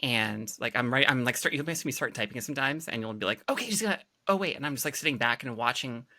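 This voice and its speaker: A woman's voice: very deep voice, fast, bright, forceful tone, dry recording. A woman co-hosting a casual podcast chat, rambling and playful, often breaking into laughs. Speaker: podcast co-host.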